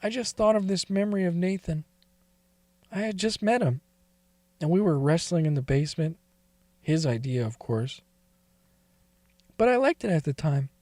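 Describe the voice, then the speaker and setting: A man's voice: sits high, a little fast, a little mellow, no echo. A man telling a first-person confessional story in a confiding, emotional way that wavers toward tears.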